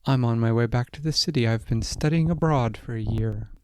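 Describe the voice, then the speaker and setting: A man voicing a calm, self-assured young woman traveler in a bedtime story, speaking firmly and briskly. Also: medium pitch, clear, resonant tone, no echo, close to an everyday voice.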